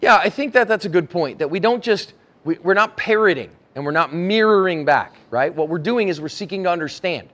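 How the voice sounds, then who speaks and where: A man's voice: high-pitched, animated, a little fast, hardly any pauses, a bit bright. Man teaching, acting out customer exchanges. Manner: casual, acts out both sides of example conversations. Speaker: self-defense instructor. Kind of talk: conference talk with acted role-play. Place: conference room.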